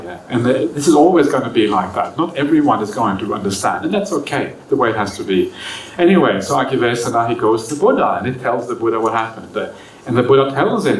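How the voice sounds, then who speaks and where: A man, a monk, giving a relaxed, chatty Dharma talk at a retreat, peppered with "yeah?" and "uh" and acting out the characters in his stories. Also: mid-range voice. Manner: acts out the characters in stories with lively voice changes. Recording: roomy, distant mic, faint room noise.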